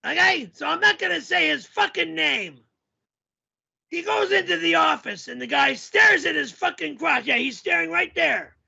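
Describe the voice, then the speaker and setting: A man putting on a loud, yelling middle-aged male character and telling a rambling story full of shouting and swearing. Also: very high voice, animated, moderate pace, gravelly, dull audio, pitched above the performer's own voice, full character voice. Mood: ranting. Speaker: show host.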